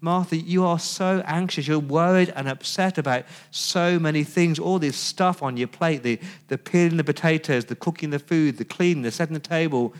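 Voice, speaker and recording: A man voicing a tender male teacher who corrects gently. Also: a little high, moderate pace, hardly any pauses, lightly acted. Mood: gentle.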